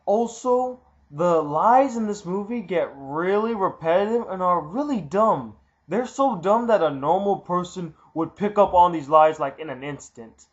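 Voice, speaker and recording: A man's voice: high-pitched, animated, a little slow, hardly any pauses. A man giving a casual movie review in a blunt, candid way, repeating himself for emphasis, in a muffled lo-fi recording.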